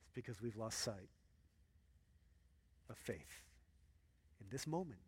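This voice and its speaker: A man preaching a sermon as pastor, acting out Bible characters in an excited voice and dropping low and hushed for earnest points. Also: slow pace, slightly rough. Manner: animated, acts out Bible characters in a high excited voice.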